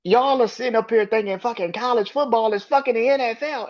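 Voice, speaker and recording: A man's voice: very high-pitched, a little fast, muffled recording. A man hosting a solo sports podcast, ranting with heated profanity and arguing back at imagined critics. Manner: emphatic, argues with imagined critics.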